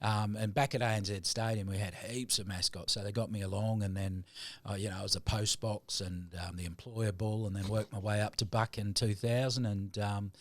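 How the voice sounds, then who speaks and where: A man's voice: fairly low pitch, steady tone, a little fast, few pauses, no room sound. A middle-aged man from New Zealand, a plumber guesting on a podcast, chatting casually and cracking jokes with lots of mates. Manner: jokey, laughing, says mate a lot.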